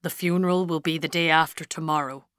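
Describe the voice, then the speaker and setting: A woman reading a storybook, voicing a middle-aged male priest who speaks softly and carefully, consoling. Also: deep voice, steady tone, fairly quick, clean tone, no echo, studio quality. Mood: gentle. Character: gentle middle-aged Irish priest, man.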